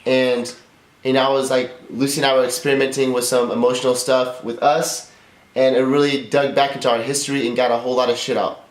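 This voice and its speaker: A man's voice: mid-range voice, little pitch movement, fairly quick. Candid man telling a story in a roomy room. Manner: candid, profane, rambling storytelling. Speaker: podcast co-host. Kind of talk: casual conversation. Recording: roomy echo.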